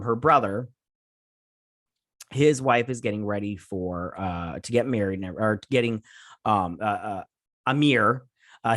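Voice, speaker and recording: A man's voice: medium pitch, a bit bright, no echo, clean studio sound. A man from the United States hosting a casual episode recap, rambling with lots of fillers and restarts. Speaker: host.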